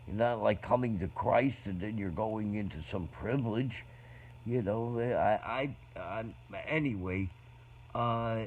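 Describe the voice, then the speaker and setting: A man in casual, meandering talk about faith, often halting and restarting his sentences. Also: fairly low pitch, darkish tone. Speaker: speaker in a faith conversation. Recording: dull lo-fi sound with faint noise.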